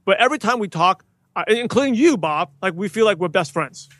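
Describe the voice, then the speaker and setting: A man as a guest in a casual interview, talking enthusiastically and acting out greetings with animated emphasis. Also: high-pitched, a little fast, no echo. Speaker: podcast guest, podcaster.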